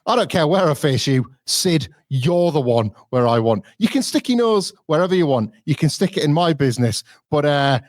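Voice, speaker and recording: A man's voice: on the high side, lively intonation, normal speed, hardly any pauses, dry recording, clean studio sound, natural voice. A man putting on a brash, defiant male wrestling star who insists, riled up, during a promo.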